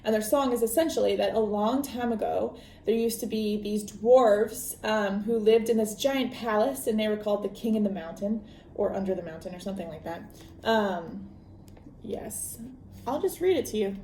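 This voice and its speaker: A woman's voice: medium pitch, moderate pace, mellow. Chatty young woman in an echoey room. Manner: chatty, lots of ums and likes, laughs often. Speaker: book podcast host. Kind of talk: casual book summary.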